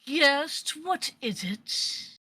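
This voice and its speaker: A woman's voice: high-pitched, lively intonation, bright, forceful tone, no echo, voice pushed up, heavily acted. A woman doing a pompous intercom voice. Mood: haughty. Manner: pompous, drawn-out. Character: pretentious person on a door intercom.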